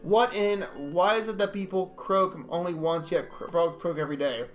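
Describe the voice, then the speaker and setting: A man reacting to animal clips in a jokey, excitable way, reading facts aloud, often laughing and stumbling over words. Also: high voice, moderate pace, faint music behind. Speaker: video reactor.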